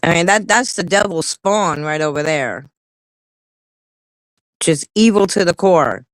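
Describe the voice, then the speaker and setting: A woman's voice: fairly low pitch, animated, unhurried, no room sound, low-quality recording. A woman co-hosting a livestream in casual chat, talking bluntly and heatedly with a lot of cursing. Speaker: livestream co-host.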